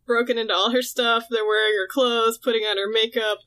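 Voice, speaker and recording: A woman's voice: a little high, a little fast. A woman in casual chat, recapping a comic and acting out the characters' lines. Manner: animated storytelling, acting out characters' lines with laughs. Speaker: podcast co-host recapping a comic.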